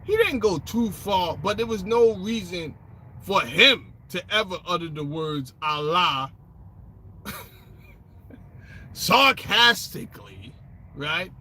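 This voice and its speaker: A man rants in casual commentary with a very high, bright and sharp voice that leaps up and down. He talks profanely and sarcastically in street slang, wandering through restarts and asides. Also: lively intonation, takes it slowly, long pauses, slight background noise. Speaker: political commentator.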